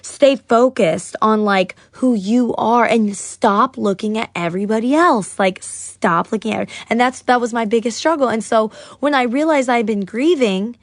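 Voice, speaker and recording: A young American woman, a singer-songwriter appearing as a podcast guest, tells casual stories about her life, chatty and full of "like" fillers, acting out quotes as she goes. Her voice is fairly high, her pace moderate with few pauses. The recording is dry, with clean studio sound.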